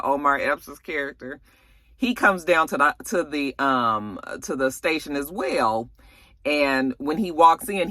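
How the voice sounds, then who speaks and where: A man's voice: medium pitch, sharp tone, no echo, clean studio sound. A man giving a casual, chatty recap of a TV episode, colloquial and full of fillers. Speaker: TV episode reviewer.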